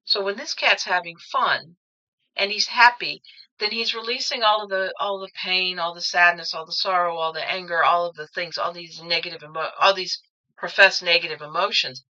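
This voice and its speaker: Bright-toned woman musing through a tarot reading. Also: on the low side, steady tone, normal speed. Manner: musing, rambling, with frequent restarts. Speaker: tarot card reader. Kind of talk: casual spoken tarot reading. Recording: dull lo-fi recording.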